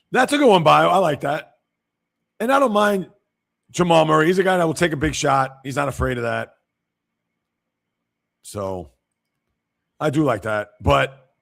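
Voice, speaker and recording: A man's voice: medium pitch, creaky, a bit bright. A male sports show host giving casual livestream commentary, reacting to viewer comments and getting blunt and emphatic when he criticizes.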